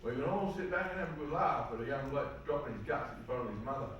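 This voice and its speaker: A man's voice: mid-range voice, lively intonation, quick pace, dull audio, background noise. A man with an Australian accent speaking to a seminar audience, telling personal stories in an earnest, plain-spoken way full of slang. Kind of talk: personal testimony talk. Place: large hall. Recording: echoey hall, mic far off.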